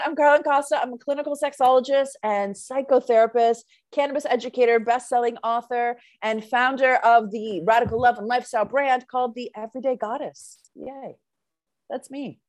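A woman's voice: fairly high pitch, fairly even intonation, brisk, no echo. A Canadian woman, a sexologist and psychotherapist, talking frankly and laughing as a podcast guest. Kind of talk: casual interview chat.

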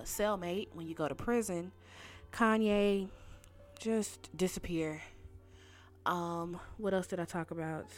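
A woman hosting a podcast, ranting casually and talking straight to her listeners in animated, slangy speech. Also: fairly low pitch. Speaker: podcast host.

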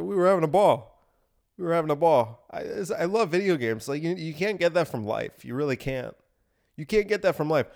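Rambling man with a smooth voice. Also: mid-range voice, a little mellow. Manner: rambling, repetitive, laughing at his own bit. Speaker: podcast host. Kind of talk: casual comedic monologue.

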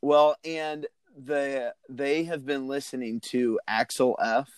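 A man's voice: mid-range voice, fairly even intonation, takes it slowly, smooth. A man hosting a podcast, talking in an earnest, rambling, motivational way. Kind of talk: casual chat.

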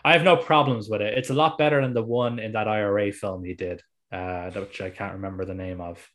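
Irish man, lowish voice, casual chat, animated and profane. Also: fast talker. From Ireland. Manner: animated storytelling, swears freely.

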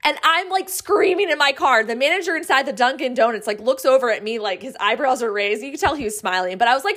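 Excitable chatty woman telling a story. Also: sits high, quick pace, few pauses. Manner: excitable, chatty, many "like"s, acts out quotes. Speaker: podcast host. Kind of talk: casual storytelling monologue.

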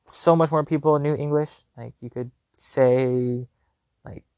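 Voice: medium pitch, fairly even intonation, unhurried, darkish tone, clear, resonant tone, no echo, clean studio sound. A vlogger telling a travel story in casual, rambling chat, full of "like" and loose swearing, often correcting themselves mid-sentence. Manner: chatty, filler-heavy with constant "like", casual swearing. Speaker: vlogger recounting a trip.

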